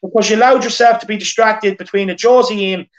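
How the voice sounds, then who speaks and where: A high-pitched, fast-talking Irish man of about thirty hosts a football fan channel, ranting casually and earnestly while repeating himself to rally the fans. The audio is dull and lo-fi.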